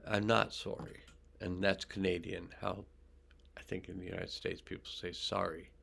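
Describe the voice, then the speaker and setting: An older man, an energy healer, leading a guided healing meditation in a slow, calm and soothing way with pauses. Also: sits low, creaky, slightly rough.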